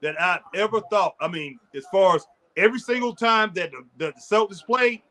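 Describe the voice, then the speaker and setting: Bright, high-voiced man reminiscing about basketball. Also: normal speed. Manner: excitable, reminiscing, laughs often. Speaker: podcast co-host. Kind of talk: casual sports chat.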